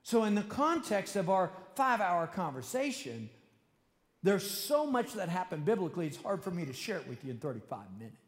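A man preaching a sermon to a congregation, earnest and conversational, sometimes rushing through animated asides. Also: high-pitched. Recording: long hall reverb.

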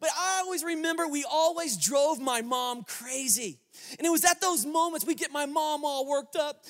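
High-voiced male pastor telling a story. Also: moderate pace. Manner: lively storyteller, joking asides to the congregation. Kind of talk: sermon with storytelling. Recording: long reverb of a large hall.

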